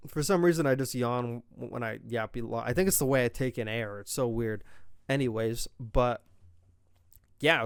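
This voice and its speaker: A young man talks through his esports opinions on his own podcast, rambling and doubling back as he goes. His voice is smooth and resonant, mid-pitched, recorded close and dry with no room sound. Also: no room sound. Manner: rambling, opinionated, self-interrupting. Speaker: podcast host. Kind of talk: casual solo esports commentary.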